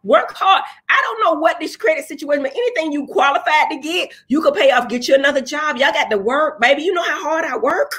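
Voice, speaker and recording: Brief: high-pitched woman, blunt and profane, livestream host. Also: a little fast, few pauses. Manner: blunt, profane, preachy and animated. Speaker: livestream host answering viewer comments. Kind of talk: casual livestream chat.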